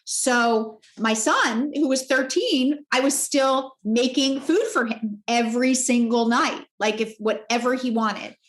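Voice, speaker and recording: A candid woman in her forties tells a personal story as a podcast guest, her voice sitting a bit high. She talks in an expressive, heartfelt way. The room around her gives a noticeable echo. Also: unhurried, few pauses. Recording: roomy echo.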